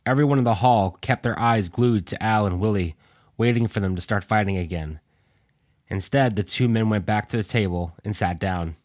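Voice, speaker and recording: A man reading a war story aloud in steady audiobook narration. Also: lowish voice, normal speed, no room sound.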